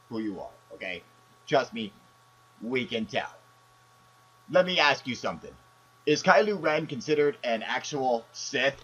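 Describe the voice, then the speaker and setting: A man's voice: mid-range voice, normal speed, a bit bright, a little hiss or hum, low-quality recording. A man hosting and ranting a fan review, profane and rambling with many fillers. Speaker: host.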